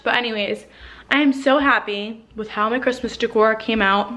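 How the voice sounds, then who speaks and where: A woman's voice: on the high side, a little fast, pushed and bright. Chatty, breathless young woman vlogging at home. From New Jersey. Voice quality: frequent "like" fillers, swearing, emotional. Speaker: lifestyle vlogger. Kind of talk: casual chatty vlog monologue. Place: home living room.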